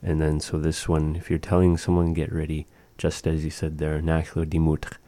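A man's voice: a bass voice, completely flat delivery, normal speed, warm tone, dry recording. A man teaching words and phrases of a language, patiently explaining grammar to a learner.

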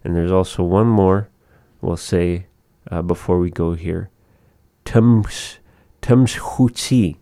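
A low, gravelly man hosts a relaxed radio language lesson. He speaks slowly and repeats each word so a learner can copy it. His voice is dark and mellow and sits in a dry, close sound. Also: no echo. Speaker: radio host teaching a language.

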